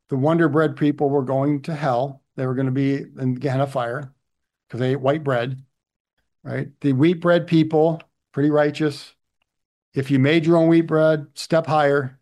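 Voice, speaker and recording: Middle-aged male pastor, slightly higher voice, chatty sermon delivery with rhetorical asides. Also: darkish tone. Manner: conversational, frequent "right?" asides.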